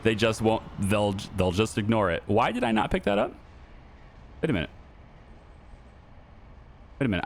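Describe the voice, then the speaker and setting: A man's voice: lowish voice, huge pitch swings, normal speed, creaky, pauses often, a little hiss or hum. A middle-aged man giving casual, chatty commentary over a car dealing game, repeating his points and laughing easily. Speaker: gaming YouTuber.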